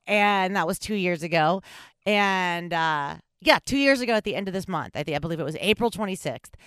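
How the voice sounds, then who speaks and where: A woman's voice: lowish voice, clear, resonant tone, no room sound. Chatty woman podcast host, rambles and jokes on herself, clean dry mic. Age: adult in recovery. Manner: candid, self-mocking, animated rambling. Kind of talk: casual chat.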